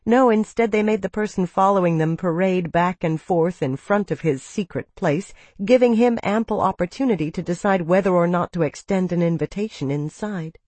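Low-voiced woman narrating a novel. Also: moderate pace, few pauses, a little mellow, no echo. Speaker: audiobook narrator. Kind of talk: scripted narration.

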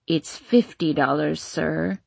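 A woman voicing a grim old female fortune-teller with a croaking voice, in an audiobook. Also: low voice, slow pace, darkish tone, dry recording, voice pushed down, heavily acted. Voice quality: croaking, gravelly.

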